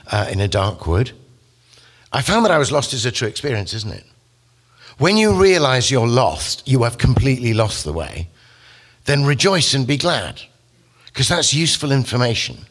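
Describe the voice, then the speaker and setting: A man giving a literature lecture, telling the story with animated, acted-out quotes. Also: fairly low pitch, normal speed, slightly rough.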